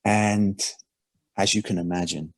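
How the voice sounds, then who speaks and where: Brief: male coach, low husky voice, dry close sound, earnest and halting. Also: steady tone, dry recording. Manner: earnest, repeats words and restarts often. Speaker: performance coach. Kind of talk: casual podcast conversation.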